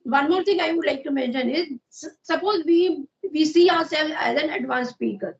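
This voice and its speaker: A woman's voice: high-pitched, normal speed. A woman with an Indian accent who explains her points in an agreeable way during a casual conversation, saying "yes" and "you know" often. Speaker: guest speaker. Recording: muffled lo-fi audio.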